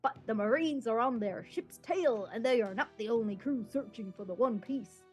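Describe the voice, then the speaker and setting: A woman's voice: a little high, moderate pace, a little mellow, soft background music, natural voice. A woman putting on a playful pirate voice to read a story summary aloud. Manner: reads a synopsis in a mock pirate voice.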